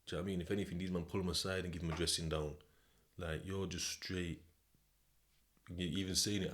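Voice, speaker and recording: A man's voice: sits low, little pitch movement, fairly quick, pauses often, a bit bright. A British man hosting a podcast, telling a story in the second person in a casual, slang-heavy way. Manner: slang-heavy, conversational, repeats "do you know what I mean". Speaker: podcast host.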